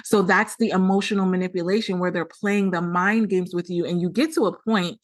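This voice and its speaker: Woman podcast host talking things through, earnest and explanatory, slightly low voice. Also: steady tone, brisk. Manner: earnest, explanatory, acts out quoted dialogue. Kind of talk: solo podcast talk.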